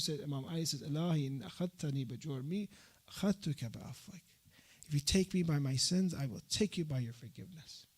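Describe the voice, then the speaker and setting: Emotive preaching man in a mosque. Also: fairly high pitch. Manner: switches between English and recited Arabic, emotive, addresses the congregation directly. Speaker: sheikh giving a religious talk. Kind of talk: sermon commentary on a prayer.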